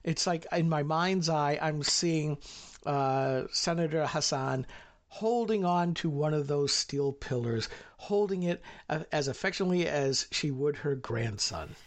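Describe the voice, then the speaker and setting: A middle-aged man with a slightly higher voice co-hosts a political talk show. He rambles in a folksy way and often stops to restart his sentences. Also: a little slow.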